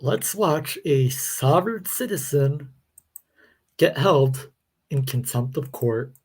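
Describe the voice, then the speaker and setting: A man's voice: fairly high pitch, lively intonation, takes it slowly, breathy edge. Man, reaction host, sarcastic, exasperated, live commentary.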